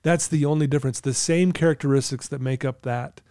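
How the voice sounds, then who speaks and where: A man's voice: medium pitch, fairly even intonation, fairly quick, warm tone, smooth, no echo, clean studio sound. A man talking as a guest in an interview, telling stories in an earnest way and acting out talks with his clients. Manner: earnest, acts out dialogue with clients. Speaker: podcast guest, client coach. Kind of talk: conversational storytelling interview.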